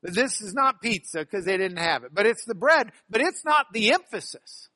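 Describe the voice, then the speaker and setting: A man teaching a class on biblical Greek grammar, animated and stressing key words by repeating them. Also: high voice, normal speed, no room sound. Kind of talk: classroom lecture.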